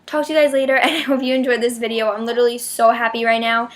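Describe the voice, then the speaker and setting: A young woman excitedly telling a concert story in a casual vlog, full of "like" and sudden shrieks. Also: quick pace. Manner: gushing fan, shrieks names in high bursts; heavy "like" filler, chatty and dramatic. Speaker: vlogger.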